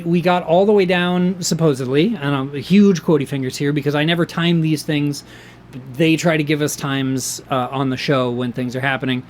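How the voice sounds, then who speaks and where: Excitable rambling man, slightly high voice. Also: a little hiss or hum. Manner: rambling and excitable, with many fillers and restarts. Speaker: wrestling show reviewer. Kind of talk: casual chat.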